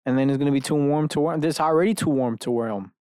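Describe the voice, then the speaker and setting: A man's voice: a little high, rapid-fire, darkish tone, clear, resonant tone, no room sound, studio quality. A man hosting a podcast alone in his bedroom, rambling from one idea to the next with lots of profanity and self-mocking asides. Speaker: podcast host. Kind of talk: rambling solo rant.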